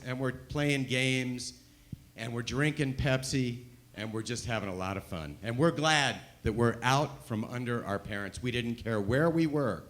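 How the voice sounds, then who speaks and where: Animated male stand-up storyteller. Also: mid-range voice. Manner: animated, swinging from loud to hushed. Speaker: stand-up comedian.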